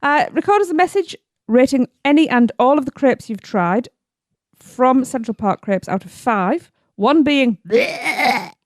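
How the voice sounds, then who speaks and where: A woman's voice: sits high, normal speed, no room sound, clean studio sound. A woman co-hosting a podcast in casual chat, giggly and playful, tripping over words. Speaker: podcast co-host.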